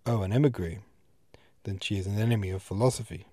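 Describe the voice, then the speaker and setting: Big swaggering french sergeant, blustery, dark dry voice, man doing him. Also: fairly low pitch, a little fast, dry recording, close to an everyday voice. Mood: blustering.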